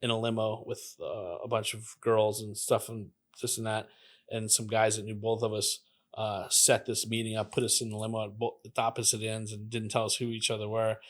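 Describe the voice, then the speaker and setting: A man's voice: fairly low pitch, a little fast. A man in his fifties from Los Angeles, a graffiti artist telling stories as a guest and acting out the voices of the people in them. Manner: animated storyteller who acts out the voices of people in his stories. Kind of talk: casual storytelling interview.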